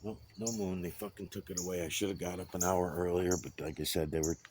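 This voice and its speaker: A man's voice: deep voice, fairly even intonation, fast, a little mellow, a little hiss or hum. A man rambling and ranting outdoors, swearing often. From United States. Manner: profane, ranting. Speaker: vlogger.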